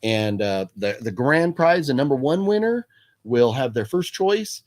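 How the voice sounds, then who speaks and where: A man hosting a live stream from a room at home, his pitch leaping up and down as he talks. He chats casually and loosely, calls out viewer names and breaks into laughter often. His voice sits at an ordinary middle pitch. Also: sing-song, a little slow, darkish tone. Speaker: livestream host.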